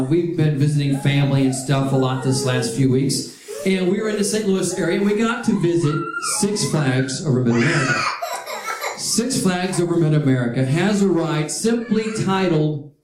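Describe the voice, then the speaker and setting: A man's voice: fairly high pitch, background noise. A man preaching a sermon, telling stories with humorous asides. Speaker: pastor. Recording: echoey hall with audience.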